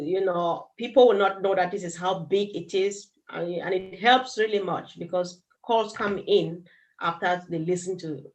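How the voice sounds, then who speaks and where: A woman's voice: mid-range voice, low-quality recording. Chatty woman hosting a live chat. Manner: affirming, chatty, giggles between thoughts. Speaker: host.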